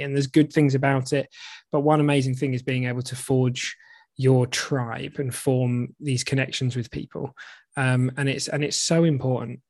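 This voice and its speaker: A UK man co-hosting a podcast tells animated stories in casual conversation, chatting freely and laughing often. His voice is medium-pitched, and the studio-quality recording has no echo.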